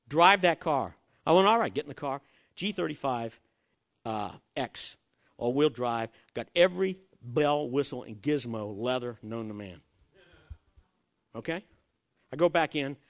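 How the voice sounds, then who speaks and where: An older man preaching, telling a personal story with acted-out dialogue and chuckles. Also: mid-range voice. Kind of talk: sermon with personal testimony story.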